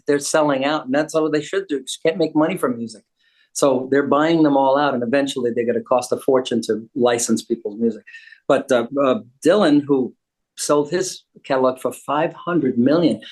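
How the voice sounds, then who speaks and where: A man's voice: mid-range voice, moderate pace, a little mellow. Joking man in casual chat. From United States. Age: older. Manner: joking, wisecracking. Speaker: guest.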